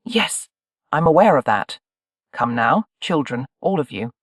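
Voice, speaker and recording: Reader voicing a reproachful mother in her forties, crisp, cold, dry close sound, audiobook. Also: mid-range voice, big pitch swings, a little slow, fairly bright tone, no room sound. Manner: crisp, accusing.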